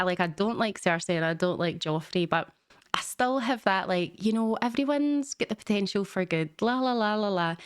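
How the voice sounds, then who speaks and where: A woman's voice: on the low side, smooth, no room sound, clean studio sound. A young woman, recapping a show in a chatty, rambling way with lots of fillers. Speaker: reaction channel host. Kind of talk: casual reaction recap.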